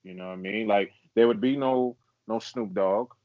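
A man's voice: lowish voice, dry recording. Joking man, dry muffled sound. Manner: joking, quick to chime in. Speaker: podcast co-host. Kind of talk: casual chat.

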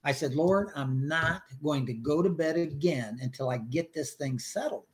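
A man's voice: a little high, moderate pace. An older man sharing his personal faith story in a podcast interview, earnest and emotional, acting out his prayers.

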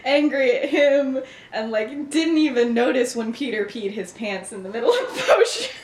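A young woman with a voice pitched a little high chats through a story recap, peppering her sentences with "like" and breaking into laughter. She sounds like a podcast co-host recorded in a roomy space with a noticeable echo. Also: big pitch swings, normal speed, slight background noise. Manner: chatty, filler-heavy with frequent "like" and laughter. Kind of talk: casual chat retelling a story. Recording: roomy echoey room.

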